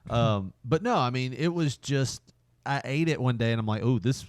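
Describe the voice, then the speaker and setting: A podcast co-host spins a long, meandering anecdote, laughing along with himself. His voice sits at an ordinary middle pitch. The sound is close and dry, with no room echo. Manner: rambling, drawn-out anecdote told with frequent laughter. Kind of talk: casual storytelling chat.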